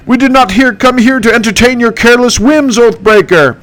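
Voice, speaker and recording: A man's voice: brisk, fairly bright tone. A man voicing a heroic male ranger captain, giving orders in a strained, raised voice and stammering at times. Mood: commanding. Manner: high strained commanding voice, stammering.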